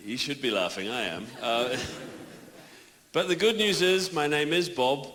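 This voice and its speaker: A man's voice: mid-range voice, unhurried, a bit bright. A man in his forties from New Zealand with a New Zealand accent, doing a stand-up comedy set on a club stage in a wry, mock-indignant way, chuckling at his own lines. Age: 40s. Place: comedy club stage before a live audience. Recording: echoey club room with audible noise.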